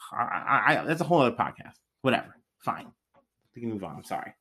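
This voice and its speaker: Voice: mid-range voice, big pitch swings, normal speed, sharp tone, slightly rough. A podcast co-host chatting casually, emphatic and slangy, often calling people dude.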